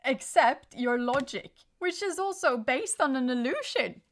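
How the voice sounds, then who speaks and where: This tarot reader is a young woman with a high voice who talks a little slowly and barely pauses. Her casual reading wanders, full of self-interruptions and lively flashes of frustration.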